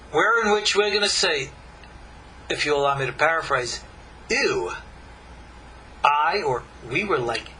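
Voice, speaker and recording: A man, a rabbi, teaching a Torah class in an emphatic lecturing style with long dramatic pauses and rhetorical questions. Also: high-pitched, sharp tone, a little hiss or hum, low-quality recording.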